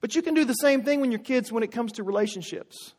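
A man preaching a sermon as pastor, emphatic and repetitive, swinging from loud calls to hushed words. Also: very high voice, quick pace, big-room sound.

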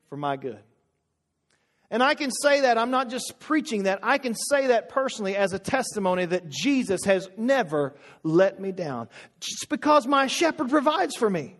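A man's voice: sits high, very animated, moderate pace, fairly bright tone, long reverb tail. A middle-aged man preaching a sermon as pastor, rising in fervor and calling his congregation to answer back.

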